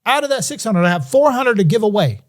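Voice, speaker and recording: A man's voice: high voice, fast talker. A man as a podcast guest, telling a story in a casual way and acting out the voices of people in it. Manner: animated, acts out quoted voices.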